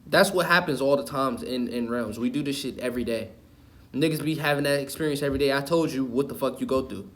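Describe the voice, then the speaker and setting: A man's voice: medium pitch, quick pace. A man ranting to the camera in an impassioned, preachy way, cursing and repeating himself for emphasis. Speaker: online video host. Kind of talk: impassioned spiritual rant.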